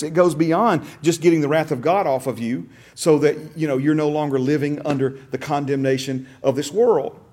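A man teaches a Bible class, his voice pitched a little high. He talks in an easygoing way, repeats his words as he thinks, and keeps asking his listeners questions. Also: darkish tone.

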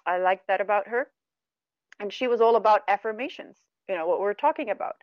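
A middle-aged woman, English not her first language, speaks as an earnest and animated guest on a spiritual radio show. Her voice sits at a medium pitch. The recording is dry and a little muffled. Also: a little fast, no room sound. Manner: earnest, animated, laughs at herself. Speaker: guest, meditation teacher. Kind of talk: reflective spiritual conversation.

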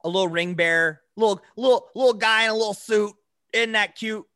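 A man's voice: sits high, a little fast, no room sound, clean studio sound. A young man co-hosting a podcast, ranting casually with lots of profanity and laughter. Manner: profane, animated rants with frequent laughs. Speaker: podcast co-host. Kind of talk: casual chat.

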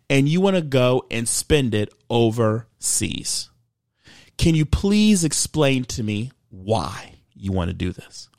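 A man's voice: mid-range voice, gravelly, no room sound, studio quality. A man hosting a commentary show, giving an earnest, emphatic political monologue and stumbling over repeated words as he restarts a thought.

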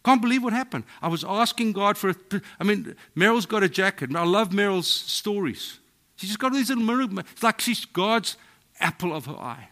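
A middle-aged South African pastor preaches, telling personal stories. His voice is bright and a little high for a man. It sinks to near a whisper and then climbs to loud, lively exclaiming. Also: moderate pace. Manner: storytelling, swings from hushed to exclaiming. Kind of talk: sermon.

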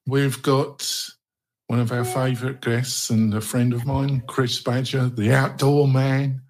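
Male podcast host, mid-pitched voice, jokey, laughs a lot, halting. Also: level tone, darkish tone, slight background noise. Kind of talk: casual roundtable chat.

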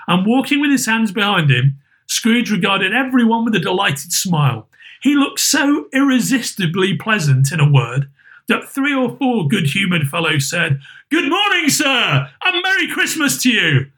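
A man narrating a classic story aloud with a lively, theatrical delivery. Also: sits high. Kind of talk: expressive storybook reading.

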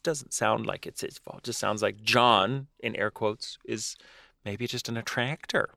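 A man's voice: lowish voice, unhurried, vocal fry, a little hiss or hum. A man co-hosting a casual chat, reading spooky stories aloud and acting out quotes with laughs. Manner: animated, laughing, acts out quotes. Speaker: podcast co-host reading listener stories.

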